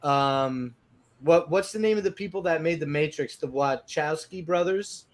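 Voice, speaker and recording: A man's voice: fairly high pitch, moderate pace. A man co-hosting a casual podcast chat, rambling and swearing as he talks. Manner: rambling, profane, excitable. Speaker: podcast co-host.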